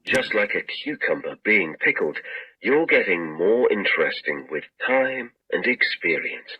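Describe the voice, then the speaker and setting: A man with a posh British accent voicing a male talking pickle toy that gives gentle, encouraging advice. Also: low-pitched, sing-song, slightly rough, no room sound, exaggerated voice. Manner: gentle, motivational, measured. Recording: lo-fi toy speaker heard through a mic.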